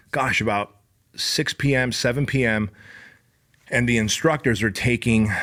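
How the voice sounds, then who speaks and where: Animated man telling a story. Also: medium pitch. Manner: animated, acts out dialogue with raised voice; blunt, swears casually. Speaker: podcast host. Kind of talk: storytelling monologue.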